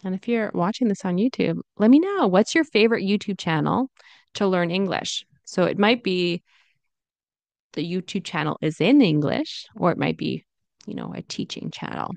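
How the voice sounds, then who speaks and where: A woman teaching English pronunciation in an online lesson, speaking slowly and saying each example phrase over and over. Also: lowish voice, animated, vocal fry, darkish tone, no echo. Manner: slow, demonstrative, repeats example phrases.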